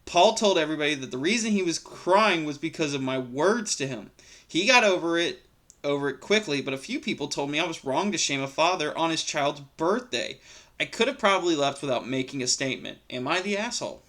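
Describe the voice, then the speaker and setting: A man's voice: fairly high pitch, expressive, a little fast, a bit bright. A man reading an online story aloud, then giving a heated, profane commentary full of restarts and repeats.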